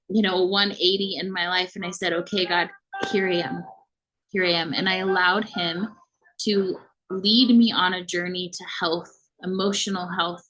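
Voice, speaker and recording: A faith vlogger in her thirties shares a heartfelt personal testimony, earnest and emotional, with soft laughs. Her voice is mid-range, and the audio is poor.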